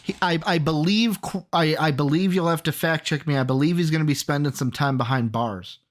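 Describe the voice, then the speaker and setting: A man co-hosting a sports podcast in casual chat, energetic, rattling off names and quizzing his co-host. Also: on the high side, fairly quick.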